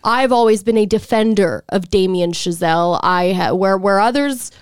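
A woman's voice: medium pitch, moderate pace, hardly any pauses, clean tone, dry recording, clean studio sound. A woman hosting a casual podcast chat, rambling with restarts and swearing freely. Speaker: podcast host.

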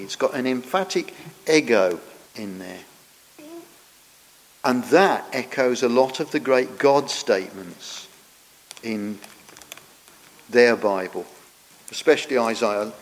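A man preaching a sermon, earnest and explanatory, often trailing off softer at the ends of phrases. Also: medium pitch. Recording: long church reverb.

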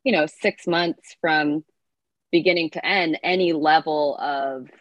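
A woman from California, a fitness coach guest on a podcast, talking in a lively, upbeat way as she thinks her ideas through aloud. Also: deep voice, a little slow, no echo. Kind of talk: casual podcast interview.

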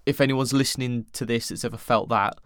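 A young man speaks alone into a close mic, rambling candidly and swearing now and then. His voice is smooth and resonant. The sound is dry, with no room around it. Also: mid-range voice, steady tone, a little fast, no echo. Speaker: podcast host. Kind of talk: solo podcast monologue.

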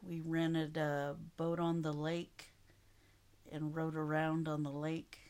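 Middle-aged woman, very low voice, slow pace, short plain answers, casual interview. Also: monotone, darkish tone, clean tone. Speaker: guest, host's mother.

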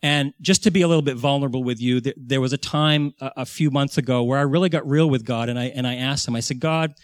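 A man's voice: mid-range voice, fast, no echo, studio quality. A man in his forties preaching earnestly, recounting a vision and his prayers, often restarting and repeating words. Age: 40s. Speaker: pastor.

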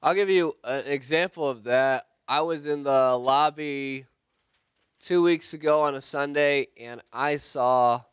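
A man leading a church group discussion, telling a story in an earnest, halting way with restarts. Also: medium pitch, clear, resonant tone, dry recording.

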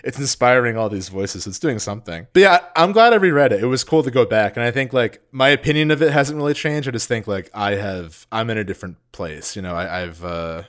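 A man co-hosting a casual book podcast, animated and jokey, loosely rambling with lots of fillers. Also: medium pitch, a little fast, hardly any pauses. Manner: animated, jokey, reads passages aloud. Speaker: podcast co-host.

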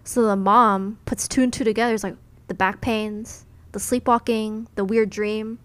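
A young woman tells a ghost story on a podcast, talking casually and loosely, with plenty of fillers. Her voice sits at an ordinary middle pitch. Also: steady tone, normal speed, fairly bright tone, no room sound. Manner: chatty retelling full of "like" and "you know". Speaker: podcast co-host.

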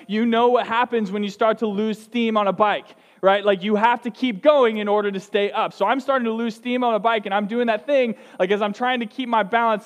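A young man preaching a sermon as a student pastor, telling a story in a conversational way with frequent restarts. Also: sits high. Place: church hall. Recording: long reverb of a large hall.

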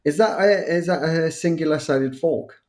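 Relaxed man with a Newcastle accent. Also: on the high side, normal speed. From North East England. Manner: relaxed, blunt, swears and laughs easily. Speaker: podcast co-host. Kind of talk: casual podcast chat.

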